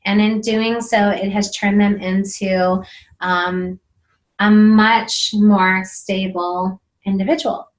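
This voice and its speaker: A woman's voice: mid-range voice, little pitch movement, takes it slowly, low-quality recording. A middle-aged woman hosting a marriage video series, talking to camera in an earnest, encouraging way with many fillers. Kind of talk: casual talk to camera.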